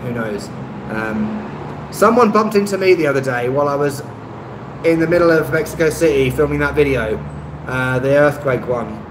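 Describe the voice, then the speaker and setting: A man's voice: medium pitch, expressive, moderate pace, roomy sound, noisy background. A man hosting a casual live-stream chat, answering viewers' comments in a rambling, hesitant way with lots of ums and self-deprecating asides. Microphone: phone on a stabilizer.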